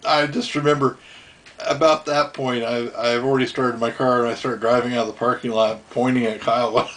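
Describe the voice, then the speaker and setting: A man's voice: medium pitch, little pitch movement, a little fast, fairly bright tone, slight background noise. A middle-aged man casually telling stories from his youth at home, rambling and chuckling as he acts out voices. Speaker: storyteller. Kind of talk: casual storytelling.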